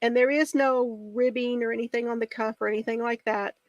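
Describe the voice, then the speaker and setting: An excitable woman chats through a knitting tutorial, bubbly and quick to laugh. Her voice sits on the higher side. The sound is dry and close, with no room echo. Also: lo-fi sound. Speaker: knitting video host. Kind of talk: casual crafting chat.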